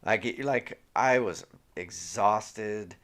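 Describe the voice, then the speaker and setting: A man's voice: fairly low pitch, slow, a bit bright. A man co-hosting a podcast, telling self-mocking stories in casual, profane chat. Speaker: podcast co-host.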